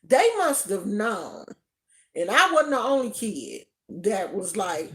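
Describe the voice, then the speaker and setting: Slow-talking animated woman telling a story. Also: medium pitch. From Oakland, California. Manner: animated, laughs often, acts out quoted voices. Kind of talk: casual personal storytelling.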